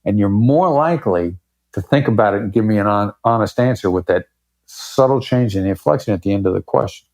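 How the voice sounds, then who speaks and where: Brisk and fairly low-pitched, with a darkish tone, this man speaks as a guest in a conversational podcast interview. He's a negotiation expert who stresses his points and plays with his pace for effect.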